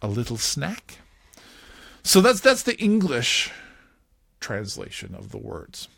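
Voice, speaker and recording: Playful, animated male podcast host. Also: mid-range voice, slow, creaky, no room sound, clean studio sound. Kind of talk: casual podcast chat.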